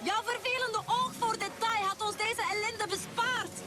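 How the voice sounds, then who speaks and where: A woman's voice: extremely high pitch, steady tone, moderate pace. A woman with a Flemish accent voicing a hardworking country farm pony in a cartoon dub, with a plain delivery, over music.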